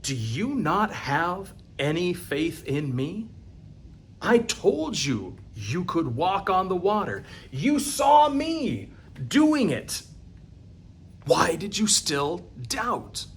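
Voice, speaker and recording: A man playing Jesus as a calm, patient adult male teacher who speaks slowly and deliberately, while retelling a Bible story. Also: high voice, slight background noise, pitched above the performer's own voice, full character voice. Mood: gentle.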